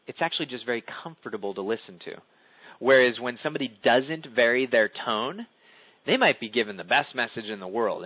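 A man runs a conference call, coaching listeners on public speaking. His voice climbs and dips with lively emphasis, and the call comes through as a tinny, dry phone line. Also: dry recording. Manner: animated, swoops pitch up and down for emphasis.

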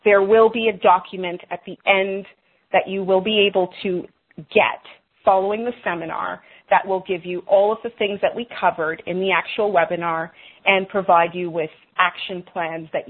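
Husky businesslike woman guest, sounds like she's calling in on a phone. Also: on the low side. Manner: brisk, reassuring, businesslike. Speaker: webinar presenter, guest. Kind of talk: interview answers, sales pitch. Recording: tinny phone line.

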